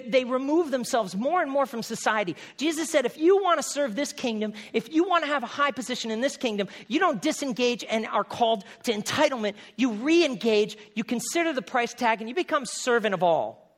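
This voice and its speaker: High-voiced preaching man. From New England. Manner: animated, conversational preaching with voiced asides. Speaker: pastor. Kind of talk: sermon.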